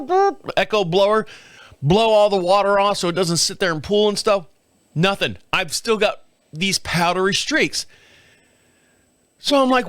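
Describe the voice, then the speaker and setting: A middle-aged man rambles through a casual, foul-mouthed story, voicing little sound effects along the way. His voice sits high for a man. The sound is close and dry with no room around it. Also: dry recording. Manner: profane, rambling, animated with laughs and sound effects. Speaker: podcast host.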